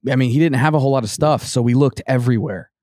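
A man's voice: medium pitch, racing, dark tone, no echo, clean studio sound. Rambling man telling a spooky story. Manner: rambling, full of "like" and restarts, acts out quotes. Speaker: podcast co-host telling a ghost story. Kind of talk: casual storytelling chat.

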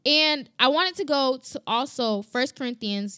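Lady preaching into a mic, kinda high voice, super dry sound, gets loud and repeats herself. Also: measured pace, few pauses, clean tone, no room sound. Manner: energetic, emphatic, repeats herself, asks rhetorical questions. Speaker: christian podcast host. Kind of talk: casual sermon. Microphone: studio mic.

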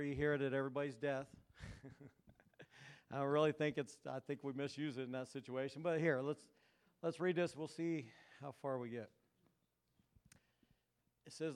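Male pastor, relaxed conversational sermon style, clear and smooth. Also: a little high, moderate pace. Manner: conversational, joking, asks the crowd "right?". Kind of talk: casual sermon.

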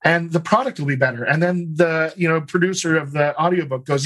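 A man who works as a dialect coach and actor, answering interview questions in a thoughtful, explanatory way, often pausing on "you know" and restarting phrases. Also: a little high, fairly bright tone, slight background noise.

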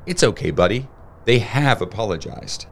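A man voicing a spunky young girl who owns a rooster, speaking in a higher, bossy voice. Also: animated, moderate pace, creaky, a little hiss or hum. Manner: bold, bossy, higher girlish voice.

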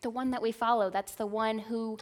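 A woman's voice: on the high side, steady tone, a little fast. A woman in her thirties preaching a sermon in an earnest, conversational way, often checking in with the listeners. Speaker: speaker at a church service.

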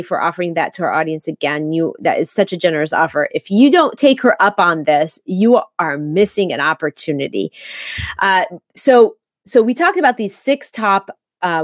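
A woman's voice: lowish voice, no echo, clean studio sound. A woman co-hosting a podcast, giving chatty tips with frequent ums and restarts. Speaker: podcast co-host. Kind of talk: casual podcast chat.

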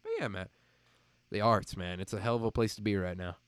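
Chatty host with faint Midwestern twang. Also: male voice, fairly low pitch, brisk, clear, resonant tone, no echo. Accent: faint Midwestern American. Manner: animated, rambling, laughs often. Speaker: podcast host and voice actor. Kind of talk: casual chat. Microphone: video call.

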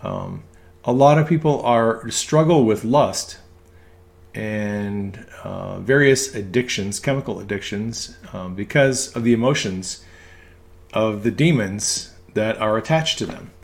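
A man's voice: on the low side, slow pace, creaky. A man, an ambulance medic, giving a casual religious teaching talk, hesitating with frequent ums and restarts. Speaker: ambulance medic speaking on faith.

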